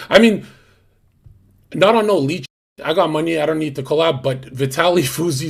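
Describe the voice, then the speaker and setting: Husky-voiced young man chatting on stream. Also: mid-range voice. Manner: rambling, slangy, many fillers and restarts. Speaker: livestream host. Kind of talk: casual livestream chat.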